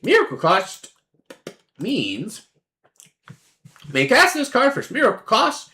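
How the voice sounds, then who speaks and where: A woman's voice: a little high, huge pitch swings, slow pace, pushed and bright. A woman streamer giving casual commentary on a card game, playful and sarcastic, acting out both sides of the table and swearing freely.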